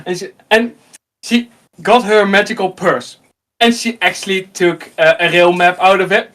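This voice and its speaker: A man in his thirties with a Dutch accent, telling an animated personal story in casual chat and acting out the dialogue. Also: high-pitched, normal speed. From Netherlands. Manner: animated, acts out dialogue, laughs often. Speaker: host.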